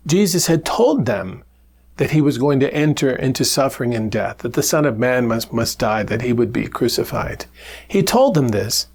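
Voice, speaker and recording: A Capuchin friar giving a gentle, reflective gospel reflection, with small laughs and restarts as he talks. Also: mid-range voice.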